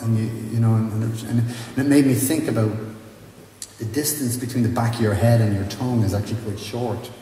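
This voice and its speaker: A man with an Irish accent telling a rambling story from a concert stage, halting and full of restarts. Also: mid-range voice, fairly even intonation, warm tone, slight background noise. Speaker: singer telling a story between songs. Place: large stone church, live concert. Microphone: stage vocal mic. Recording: echoey church hall, faint ambience.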